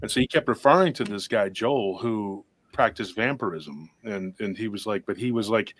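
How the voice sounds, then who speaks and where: On his paranormal talk show, the host rambles casually through a long tale, frequently restarting and performing the voices of quoted people. His voice is on the low side at normal speed, with a little hiss or hum in the recording.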